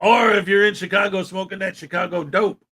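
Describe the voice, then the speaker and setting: A man's voice: sits high, steady tone, a little fast, bright, forceful tone. A man hosting a live stream, chatting casually and rambling, often laughing and trailing off mid-thought. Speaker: host.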